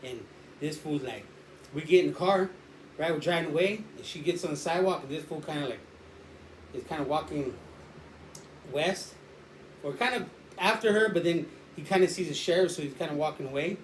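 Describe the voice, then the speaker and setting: A man's voice: a little high, fairly quick, long pauses. A man telling a rambling, slangy street story in a casual way. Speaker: storyteller guest. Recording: roomy echo, faint background noise.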